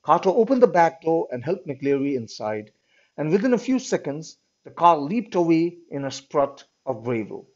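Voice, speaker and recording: A man's voice: fairly high pitch, sing-song, moderate pace, darkish tone. A man teaching a class, reading a story aloud and explaining it, often checking in with "all right". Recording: dull lo-fi recording.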